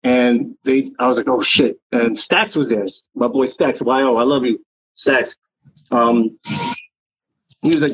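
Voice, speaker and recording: A man's voice: medium pitch, a little slow, long pauses, husky, no echo, highs cut off. A man telling stories in a casual interview, swearing and filling his talk with "you know what I mean". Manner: rambling, profane street talk with many fillers. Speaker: interview guest, graffiti writer.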